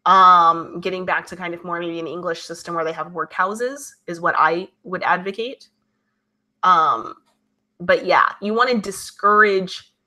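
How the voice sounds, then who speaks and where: Her voice slightly low and her tone bright and forceful, a woman hosts a relaxed live stream. She reads out what viewers type in the chat and replies to them casually.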